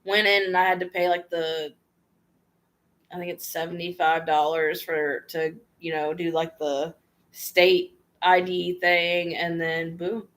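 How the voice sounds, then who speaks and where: A woman's voice: on the low side, flat delivery, measured pace, a bit bright. A woman vlogger casually reading out viewer questions and answering them frankly in a chatty, slangy way. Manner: reads viewer questions aloud and answers offhand. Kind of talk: casual livestream Q&A.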